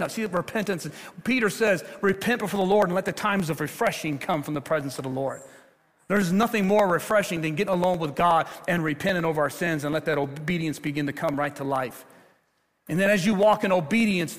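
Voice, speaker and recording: A man preaching a sermon as pastor of his church, speaking with passion and rising louder at the high points. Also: brisk. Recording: long hall reverb.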